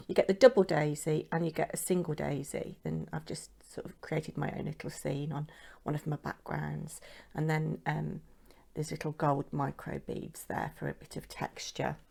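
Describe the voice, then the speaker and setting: Chatty British woman with a gravelly low voice. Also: a little mellow. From United Kingdom. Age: middle-aged. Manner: chatty and rambling, showing crafts. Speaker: craft vlogger. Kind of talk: casual chat to camera.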